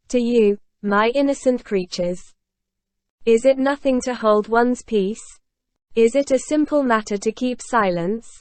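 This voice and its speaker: Tormented aging ex-convict confessing, read by a woman in a higher dry voice, solemn and grieving, audiobook. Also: no echo.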